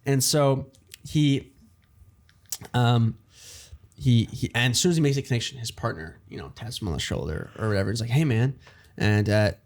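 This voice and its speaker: Man pitching a plot, loose and rambling, slips into quick bits of dialogue. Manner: rambling, many fillers and restarts, acts out lines. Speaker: writer pitching a story idea. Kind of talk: casual brainstorming chat.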